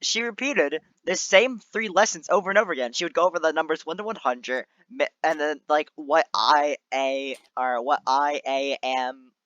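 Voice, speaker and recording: A young man co-hosting a casual podcast, animated and laughing often as he tells stories. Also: fairly high pitch, moderate pace, hardly any pauses, dry recording. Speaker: podcast co-host. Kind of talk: casual chat. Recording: dull, muffled mic.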